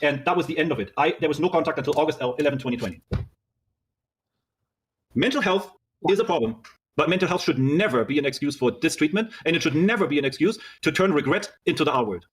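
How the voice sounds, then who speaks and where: A man with a high voice talking at a very fast clip. He reads out an old text-message argument line by line, narrating who said what. He swears freely between the messages. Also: animated. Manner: rapid reading aloud, swearing, narrating "she says, I said". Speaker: guest reading out his text messages. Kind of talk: fast recounting of a dispute.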